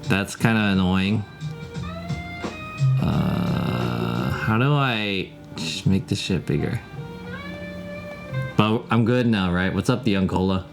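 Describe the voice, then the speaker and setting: A man's voice: low-pitched, lively intonation, takes it slowly, creaky, long pauses. A man live streaming from home, chatting casually, rambling and swearing as he answers his viewers. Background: music playing.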